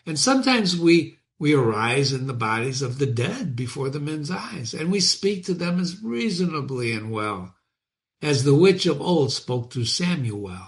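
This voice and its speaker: Male reader voicing a crafty devil in a storybook reading, persuasive, smooth, pitch rising and falling. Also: very animated, measured pace. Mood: confiding. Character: sly male fiend posing as a yeoman.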